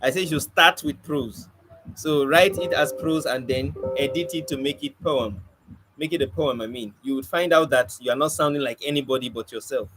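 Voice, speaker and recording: Man teaching poetry, slightly high voice. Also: moderate pace, a bit bright, faint music behind, low-quality recording. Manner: conversational, restarts and searches for words. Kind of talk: informal spoken lesson. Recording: faint background noise.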